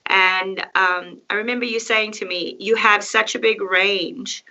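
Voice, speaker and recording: Bright, earnest woman singer reminiscing. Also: mid-range voice, fairly even intonation, unhurried. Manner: earnest, grateful, reflective. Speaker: podcast guest, singer. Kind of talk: casual chat. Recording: slightly muffled lo-fi sound.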